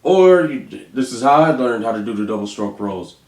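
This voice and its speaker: A man teaching drum rudiments, calling out stickings and counting beats aloud slowly. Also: mid-range voice, lively intonation. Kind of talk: instructional demonstration. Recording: echoey room with faint noise.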